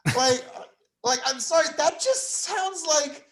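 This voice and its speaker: A man's voice: very high voice, lively intonation, a little slow, a bit bright. A man co-hosting a casual live stream, riffing sarcastically on debate clips with many filler words. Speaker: co-host of live stream commentary.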